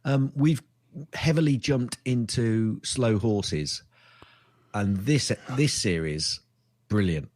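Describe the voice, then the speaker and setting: A man co-hosting a podcast, relaxed and dry in his joking. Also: lowish voice, slow pace. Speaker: podcast co-host. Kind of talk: casual chat.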